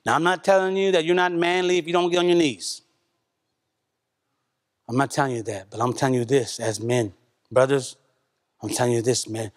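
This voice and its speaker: At a church service, a man gives an emotional testimony about a personal spiritual experience, speaking earnestly and conversationally. He often repeats himself and drops in "man." His mid-range voice moves at a moderate pace with long pauses.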